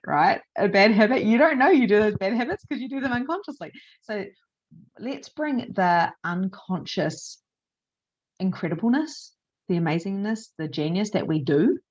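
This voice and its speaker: A woman teaching a live online masterclass in an animated, chatty way, laughing often and swearing casually. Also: medium pitch, slightly rough, dull audio. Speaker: spiritual teacher.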